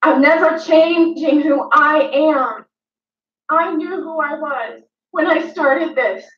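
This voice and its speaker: A woman's voice: high voice, takes it slowly, distant mic. A woman playing a dramatic female influencer, ranting emotionally at her critics with repetition and swearing. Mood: defiant. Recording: dull, echoey room, mic set back.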